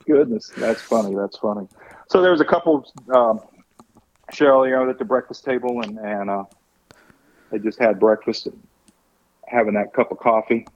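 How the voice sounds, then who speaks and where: A man's voice: mid-range voice, normal speed, long pauses, dull audio, slight background noise. A middle-aged man with a Texan accent, hosting a cooking show with folksy, chuckling banter and jokes. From Texas. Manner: folksy, chuckling, drawling asides. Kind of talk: casual banter and joke telling.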